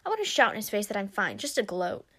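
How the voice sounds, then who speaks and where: A woman's voice: medium pitch, wildly swooping pitch, fast talker, a bit bright, husky, full character voice. Lady reading as a proud young girl dragon, snappy and defiant, storybook voice. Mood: angry.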